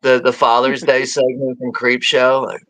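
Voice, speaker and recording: A man co-hosting a watch-party stream, chatting in a relaxed, chuckling, filler-heavy way. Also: medium pitch, normal speed, no room sound, low-quality recording. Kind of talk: casual livestream chat.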